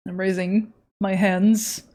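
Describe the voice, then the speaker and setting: A woman's voice: mid-range voice, flat delivery, takes it slowly, mellow. A young woman art streamer chatting casually on a live stream, giggly and gushing with emotion.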